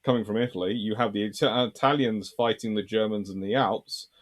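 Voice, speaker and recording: A man's voice: fairly low pitch, steady tone, brisk. A man hosting a history channel, reading viewer comments aloud and answering them in a rambling, thinking-aloud way.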